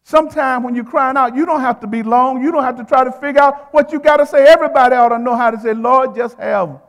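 A man's voice: very high-pitched, fairly even intonation, quick pace, in a large hall. A male preacher delivering a sermon in a rhythmic, repeating style. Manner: rhythmic, repeats phrases, calls to the congregation.

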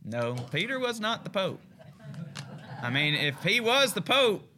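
A man leads a midweek Bible study as pastor, preaching in a folksy, emphatic way. His voice is bright and forceful, and he swells and then drops back as he drives each point home. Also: high-pitched, sing-song, a little slow. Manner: folksy, emphatic preaching with rising and falling intensity.

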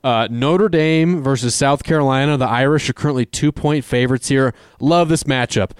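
Man, sports betting co-host, casual chat, hedging, smooth clear voice, dry close sound. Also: mid-range voice, normal speed, no echo. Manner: hedging, conversational with many fillers.

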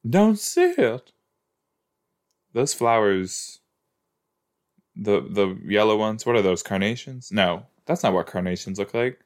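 A man's voice: on the low side, steady tone, a little slow. A man hosting a casual watch-along podcast, rambling and questioning himself aloud as he goes. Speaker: podcast host.

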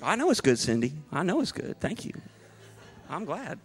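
Male pastor, slightly high voice, emphatic sermon with joking asides, reverberant hall. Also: sing-song, normal speed, breathy edge. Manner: emphatic, rhetorical preaching with playful asides to the congregation. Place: church hall before a congregation.

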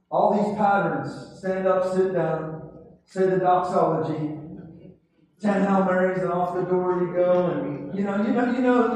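High-voiced preacher in an echoey hall. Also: male voice, darkish tone, a little hiss or hum. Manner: impassioned, repetitive call-and-response exhortation. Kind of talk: charismatic sermon. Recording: echoey hall, distant mic.

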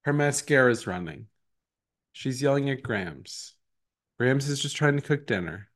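A man's voice: medium pitch, animated, unhurried, fairly bright tone. A man co-hosting a podcast in casual chat, self-deprecating and laughing often. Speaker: podcast co-host.

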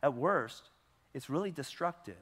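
A man's voice: fairly high pitch, animated, normal speed, fairly bright tone, husky. A male pastor preaching a sermon with emphasis, putting rhetorical questions to his congregation. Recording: long hall reverb.

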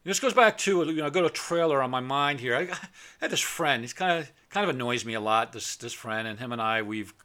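A man's voice: medium pitch, expressive, fairly quick, sharp tone. A middle-aged man hosting a podcast, ranting bluntly and stumbling over repeated words as he acts out arguments. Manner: acts out both sides of arguments in a raised voice. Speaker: podcast host. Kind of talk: unscripted rant.

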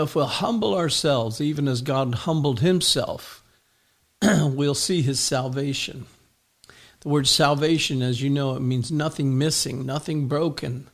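An older man, a pastor, preaching a sermon with slow, emphatic declarations and frequent "uh" pauses. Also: on the high side, creaky.

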